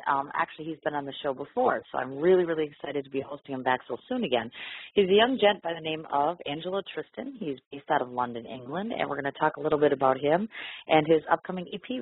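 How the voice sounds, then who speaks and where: A woman's voice: deep voice, slightly rough, no room sound. A woman hosting a radio interview, gushing and bubbly, with lots of ums. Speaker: talk radio host. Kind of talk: casual interview chat. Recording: tinny phone-line audio.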